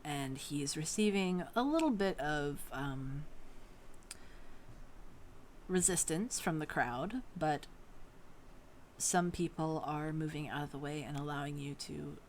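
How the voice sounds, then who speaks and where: A woman narrating scenes calmly as game master of a tabletop game. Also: deep voice, a little hiss or hum. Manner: measured, descriptive.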